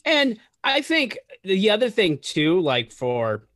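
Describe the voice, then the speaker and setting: A man's voice: high-pitched, wildly swooping pitch, slow pace, fairly bright tone, no echo, studio quality. A man, a comedian guest on a podcast, chatting casually and rambling with fillers. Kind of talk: casual chat.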